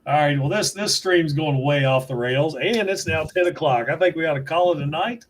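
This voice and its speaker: A man from West Virginia hosts a relaxed livestream, spinning chatty stories with dry, dark humor. His voice is slightly high, and a faint hiss sits under it. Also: normal speed. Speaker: toy reviewer, livestream host. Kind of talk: casual livestream chat.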